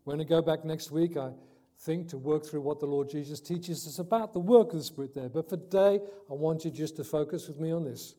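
Guy preaching a sermon, kinda high mellow voice, gets loud then goes real quiet. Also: brisk. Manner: emphatic, swings between loud and soft; reads scripture aloud, corrects himself.

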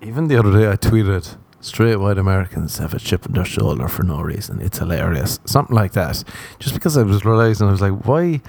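A man's voice: deep voice, expressive, fast talker, vocal fry, few pauses, darkish tone. A man with an Irish accent, a podcast host, telling a comic story in a casual way. He acts out the dialogue with lots of laughter. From Ireland.

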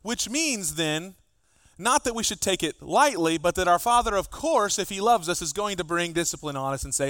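Lively, higher-voiced man preaching. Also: normal speed, no echo, studio quality. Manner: animated, acts out dialogue with his kids. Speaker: pastor. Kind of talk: sermon.

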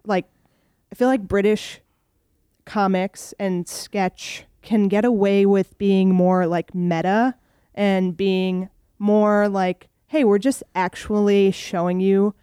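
A woman's voice: mid-range voice, slow pace, clean tone, dry recording, clean studio sound. A young woman, a comedian, chatting casually with frequent "like" fillers. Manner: chatty, lots of "like" fillers, animated. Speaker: comedian guest. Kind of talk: casual podcast chat.

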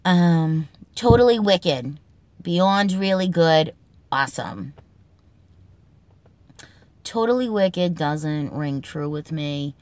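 A woman with a thick Boston accent does a loose comedic monologue as a podcast host, talking in an unhurried, drawn-out way. Her voice sits fairly low, and the sound is dry with no room echo. She is brash, swears freely and plays the tough talker for laughs. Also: animated, a little mellow.

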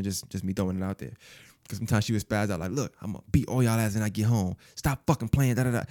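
Animated man telling a story. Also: fairly low pitch. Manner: animated, profane, acts out quoted voices. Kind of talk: casual spoken storytelling.

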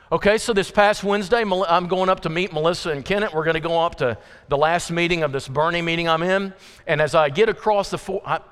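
A man's voice: a little high, a bit bright, smooth. A middle-aged American man preaching a conversational sermon in a church, telling everyday stories with acted asides. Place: church sanctuary. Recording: reverberant church hall.

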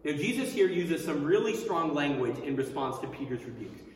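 A man's voice: a little high, moderate pace, a little hiss or hum. Man preaching in an echoey hall. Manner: acts out quoted voices with lively swings. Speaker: pastor. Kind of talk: sermon. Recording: very echoey hall, mic far off.

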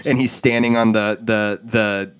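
A man co-hosting a comedy podcast, making sarcastic deadpan jokes in casual chat. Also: lowish voice, measured pace, clear, resonant tone, no room sound, studio quality. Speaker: podcast co-host.

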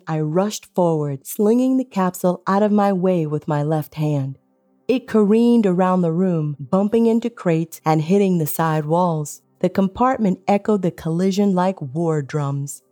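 A woman's voice: fairly low pitch, dark tone. A woman narrating a tense first-person action story in a dramatic, scripted audiobook reading.

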